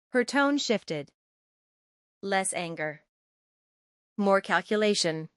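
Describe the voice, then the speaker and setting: Calm, unhurried woman storyteller. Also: mid-range voice, no echo, clean studio sound. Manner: calm, terse short sentences. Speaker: narrator. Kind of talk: scripted first-person story narration.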